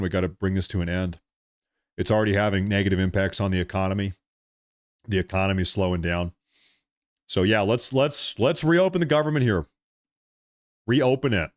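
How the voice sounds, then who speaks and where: Male livestream host, mid-pitched, dry close sound, rambling and chatty, talks straight to the audience. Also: no room sound. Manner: chatty and repetitive, addressing viewers directly as folks and ladies and gentlemen. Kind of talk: casual live commentary.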